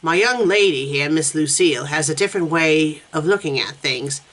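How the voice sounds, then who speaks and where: A woman's voice: sits low, normal speed. A woman reading the lines of a menacing, swaggering male gang leader in her own plain voice. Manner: cocky, profane threats read flatly.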